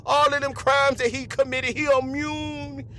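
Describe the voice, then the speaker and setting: A man's voice: very high-pitched, little pitch movement, measured pace, sharp tone, heavily acted. A man impersonating a forgetful elderly president who gives blunt, repetitive refusals. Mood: defiant.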